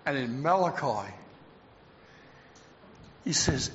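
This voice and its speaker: High, slow preacher in echoey hall. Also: male voice, slight background noise. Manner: animated preaching with humour, drawn-out emphasis. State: out of breath. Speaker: pastor. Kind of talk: sermon. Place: church hall. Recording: echoey hall, slightly dull sound.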